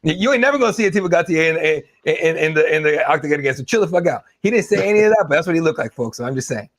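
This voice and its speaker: A man's voice: fairly high pitch, very fast. A man co-hosting a casual podcast, ranting with lots of swearing and mocking impressions. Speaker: podcast co-host. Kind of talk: casual chat.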